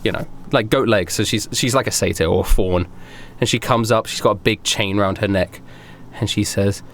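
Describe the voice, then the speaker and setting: A man's voice: lowish voice, normal speed, a bit bright, slight background noise. A man narrating a tabletop game as game master, rambling and restarting with lots of "like".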